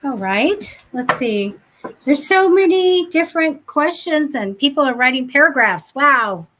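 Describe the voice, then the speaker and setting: A woman's voice: sits high, lively intonation, a little slow, fairly bright tone, low-quality recording. Upbeat woman giving a psychic reading. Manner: upbeat, flowing, reassuring. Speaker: psychic reader, co-host. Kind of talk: live psychic reading chat.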